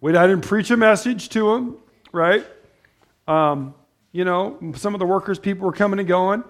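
Speaking at a moderate pace in a fairly high voice, a middle-aged male pastor gives a story-driven, loosely structured sermon, talking conversationally to his congregation with restarted sentences and asides.

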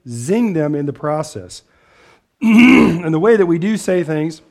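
Conversational preacher man, higher voice. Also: lively intonation, unhurried, a little mellow. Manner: conversational, asks the room for agreement, clears throat often. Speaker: pastor. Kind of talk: casual sermon.

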